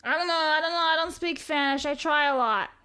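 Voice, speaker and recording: A woman with a high voice talks through a casual live stream. She rambles loosely, swears freely and reads viewer messages aloud between tangents. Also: brisk, bright, forceful tone. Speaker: livestreamer.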